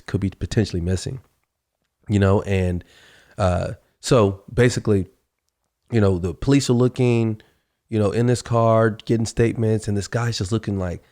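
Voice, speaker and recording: A man's voice: on the low side, mellow. A man hosting a podcast, telling a story casually with lots of fillers and acted-out dialogue. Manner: conversational, acts out quoted dialogue, many fillers. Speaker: podcast host.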